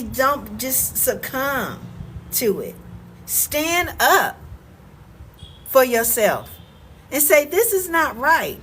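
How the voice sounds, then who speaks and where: A woman's voice: a little high, a bit bright, low-quality recording. Middle-aged woman, Southern accent, emphatic, repetitive, phone livestream, faint background noise. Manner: emphatic, repeats words, frequent "okay?" check-ins. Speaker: vlogger and relocation coach. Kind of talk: casual livestream talk to viewers.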